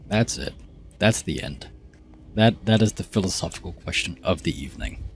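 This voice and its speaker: A man's voice: low voice, expressive, normal speed, a little hiss or hum. A man chatting casually while live-streaming a game, rambling and joking about himself with small stumbles.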